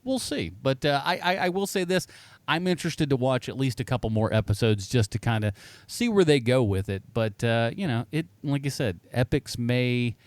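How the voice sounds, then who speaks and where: A man's voice: mid-range voice, moderate pace, no echo. A man co-hosting a casual podcast chat, rambling and correcting himself as he goes. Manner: animated, rambling, self-correcting. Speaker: podcast co-host.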